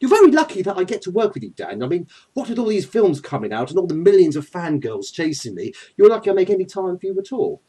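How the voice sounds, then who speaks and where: A man voicing a vain, smug male trickster god with an English accent, speaking low and smooth. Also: wildly swooping pitch, quick pace, hardly any pauses, dark tone, heavily acted. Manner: low, smooth, self-satisfied.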